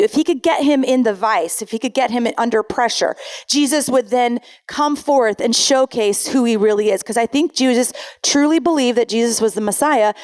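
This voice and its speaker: A woman pastor giving a sermon in a conversational way, reading scripture aloud and often correcting herself mid-sentence. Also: on the high side.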